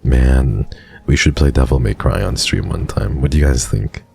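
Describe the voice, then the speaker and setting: Rumbling low with vocal fry, this voice is darkish and husky. It belongs to a Canadian man in his twenties who rambles and chats casually with his stream's live chat, often restarting quickly.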